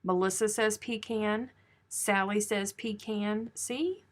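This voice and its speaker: A woman's voice: mid-range voice, fairly even intonation, slow. A woman hosting a crochet live stream, chatting casually and teasing as she reads viewer comments aloud.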